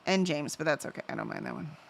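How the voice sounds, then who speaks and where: A woman's voice: sits low, fast talker, creaky. A woman hosting a casual livestream, chatting and reading out viewer messages, easily sidetracked and full of fillers. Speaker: livestream host.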